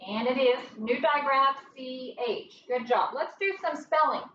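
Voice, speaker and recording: A woman teacher with a high, slightly bright voice leads a phonics lesson in a classroom, patient and encouraging, stretching her words out slowly. The recording picks her up from far off, sounding roomy and dull, with a little hiss or hum.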